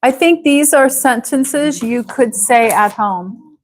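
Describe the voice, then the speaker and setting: Slow, clear-speaking woman teacher. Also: sits high, a little hiss or hum, poor audio. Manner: slow, clear model phrases for repeating. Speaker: English teacher. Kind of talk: live English class drills.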